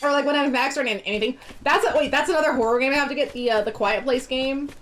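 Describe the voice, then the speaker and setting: A woman's voice: sits high, fast talker, a bit bright. A woman streaming a video game, chatting casually in a rambling way and laughing often. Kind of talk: casual chat while gaming.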